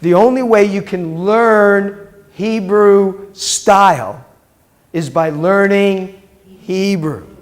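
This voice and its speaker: A man's voice: high voice, slow pace. A middle-aged man, a rabbi, teaching a Hebrew class and patiently repeating words aloud as he quizzes his students. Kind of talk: classroom lecture with questions to students.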